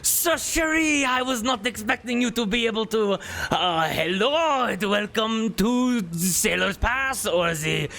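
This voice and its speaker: A man voicing a flustered, panicky young male nobleman who stammers in a raised, high-strung voice. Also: fast, hardly any pauses, sharp tone, heavily acted. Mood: panicked.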